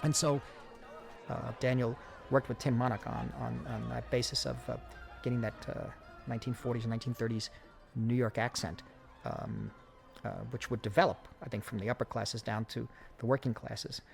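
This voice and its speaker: A man talks through a film commentary in a deeply gravelly, creaky voice. He thinks aloud with many pauses and restarts, and faint music plays behind him. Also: level tone. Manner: reflective, many fillers and restarts. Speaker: film director giving commentary. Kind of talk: audio commentary.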